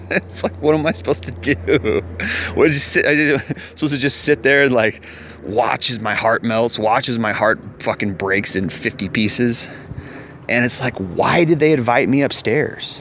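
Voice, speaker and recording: A man's voice: medium pitch, measured pace, fairly bright tone, slight background noise. A man telling a personal story in casual, rambling vlog style, candid and profane, repeating himself as he goes. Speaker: vlogger.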